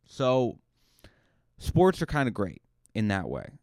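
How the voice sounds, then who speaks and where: A man's voice: lowish voice, wildly swooping pitch, takes it slowly, a little mellow, no room sound, clean studio sound. A man from Cape Cod hosting a podcast, rambling through a joking, self-deprecating monologue. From Cape Cod, Massachusetts. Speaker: podcast host. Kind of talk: comedic monologue.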